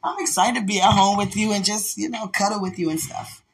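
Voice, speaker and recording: A woman's voice: mid-range voice, brisk, husky. A woman host giving a casual, heartfelt podcast monologue, candid and rambling, laughing often as she talks to a loved one. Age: adult with a son.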